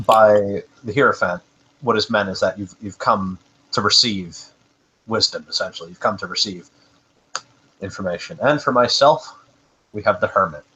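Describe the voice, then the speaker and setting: A man reading tarot cards for friends on a video call, explaining each card in a measured way. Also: lowish voice, pushed and bright, breathy edge, highs cut off. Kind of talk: casual group video call chat.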